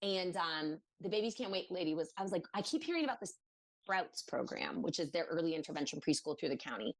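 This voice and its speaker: A low-voiced woman from Maryland speaks a little fast while telling a personal story on a podcast. The interview is casual, and she's animated, acting out quoted voices and using many filler words.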